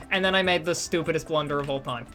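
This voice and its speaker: Casual live-streamer, mid-range voice, rambling and self-deprecating, soft game music underneath. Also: mid-range voice, moderate pace. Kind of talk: casual live-stream chat while gaming.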